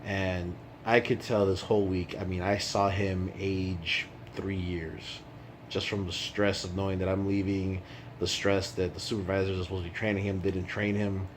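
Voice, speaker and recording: A man's voice: sits low, flat delivery, moderate pace, background noise. A man chatting casually in a vlog, rambling and swearing freely, indoors at night while away on a work trip. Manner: rambling and profane. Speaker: vlogger.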